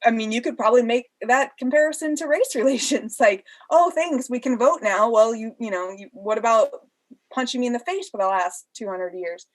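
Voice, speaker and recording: A pregnant woman in a relaxed podcast chat, recounting long stories with frequent laughter. Her voice sits a little high, and she slips into little impersonations of the people she quotes. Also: fairly quick. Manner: animated, laughs often, acts out quoted voices. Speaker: interview guest. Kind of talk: casual storytelling in a podcast interview.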